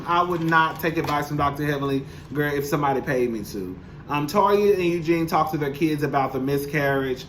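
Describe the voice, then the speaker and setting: A young man delivers a casual recap straight to camera, sassy, blunt and freely profane. His voice sits a little high and sounds bright and forceful, with a faint hiss of room noise underneath. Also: poor audio. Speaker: show recap commentator. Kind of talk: casual reality-TV recap monologue. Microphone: camera mic, speaking to camera.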